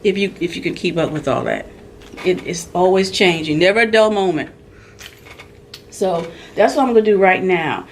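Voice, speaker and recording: A woman's voice: lowish voice, expressive, normal speed, a little hiss or hum. A school librarian, chatting casually and rambling as she vlogs into a handheld phone camera. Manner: rambling, chatty, self-interrupting. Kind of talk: casual vlog chat.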